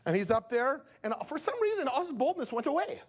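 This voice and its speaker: A male preacher telling a story from the pulpit in an animated way, acting out each character's lines. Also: very high voice, brisk. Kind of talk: storytelling sermon.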